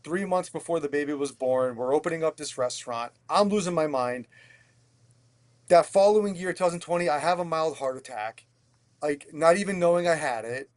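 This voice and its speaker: A restaurant owner from Pennsylvania talks through his story as a podcast guest. His voice sits a little high for a man. He is animated and blunt, swears casually, and trips over and repeats his words as he goes. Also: a little fast. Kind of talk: candid conversational storytelling.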